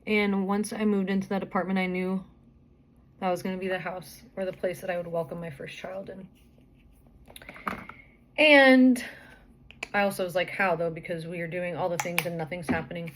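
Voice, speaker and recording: A woman's voice: lowish voice, steady tone, normal speed, long pauses, slight background noise. A young woman vlogger, out of breath and pregnant, chatting through a rambling personal story full of fillers and restarts.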